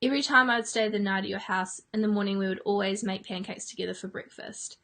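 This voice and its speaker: A woman's voice: mid-range voice, fast. Earnest young New woman. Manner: earnest and warm-hearted, scripted. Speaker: granddaughter. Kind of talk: heartfelt family tribute message.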